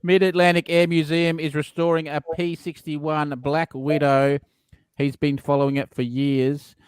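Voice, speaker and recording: A man co-hosting a live talk show, cracking quick jokes in casual banter. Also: a little high, flat delivery, smooth, no echo. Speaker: co-host.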